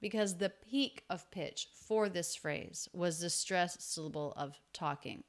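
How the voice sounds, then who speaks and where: Woman teaching English pronunciation. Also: lowish voice. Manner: slow and deliberate, repeats sounds to show them. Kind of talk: explaining pronunciation from a film clip.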